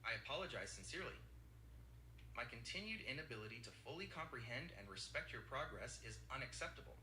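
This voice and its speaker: Very bright synthetic male assistant voice. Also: medium pitch, lively intonation, quick pace, reverberant, slight background noise.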